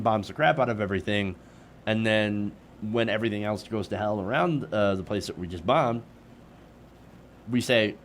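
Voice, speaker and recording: A man hosting an online political commentary show, talking in an opinionated, sarcastic way with mocking asides. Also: medium pitch.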